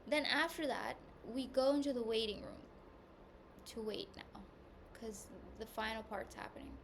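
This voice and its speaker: A woman podcast host telling a personal story in a candid, rambling way, with lots of "like", at times hushed and at times loud. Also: on the high side, moderate pace. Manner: rambling and candid, heavy use of "like", swings between hushed and loud. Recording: noisy background hiss.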